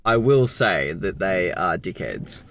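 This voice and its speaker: A young man with a very animated voice co-hosts a loose comedy chat from inside a car, laughing often. A faint hiss sits under the recording. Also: low voice, slow pace. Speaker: podcast co-host.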